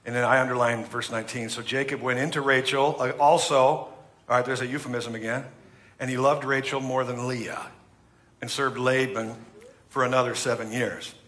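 A man's voice: mid-range voice, steady tone, normal speed, fairly bright tone. A middle-aged man from the United States preaching a sermon in a chatty, humorous way, acting out what people say. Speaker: pastor.

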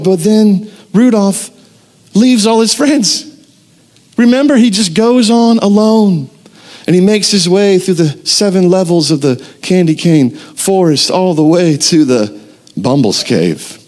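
A young man preaching a sermon as pastor, telling a story with lively acted-out quotes. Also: high voice, measured pace. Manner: animated storytelling, acts out quotes.

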